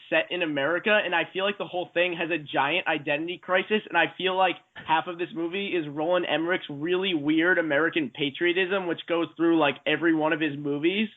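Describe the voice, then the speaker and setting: A man in a casual podcast chat, rambling and analytical, with hesitant fillers between points. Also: sits high. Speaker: podcast panelist. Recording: tinny phone-like audio.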